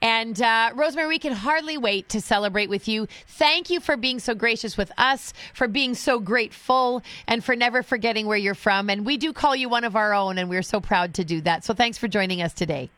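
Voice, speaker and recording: A woman's voice: fairly high pitch, fairly quick, hardly any pauses, a bit bright, no room sound. A woman hosting a radio interview, gracious and appreciative with her guest. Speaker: radio show host.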